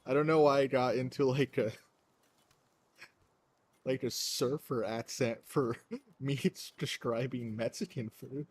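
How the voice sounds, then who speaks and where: A man's voice: mid-range voice, fairly even intonation, unhurried, pauses often, breathy edge. A man chatting casually while streaming a game at home, rambling with lots of fillers and frequent laughs. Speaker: livestreamer playing a game.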